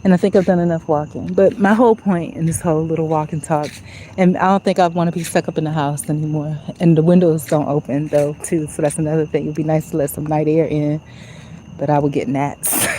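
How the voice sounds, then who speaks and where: A woman's voice: low-pitched, fairly even intonation, brisk, warm tone, a little hiss or hum, rough recording. A woman talking to her phone while walking outdoors at night, in a reflective, conversational way full of "you know". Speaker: vlogger. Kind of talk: casual walk-and-talk monologue.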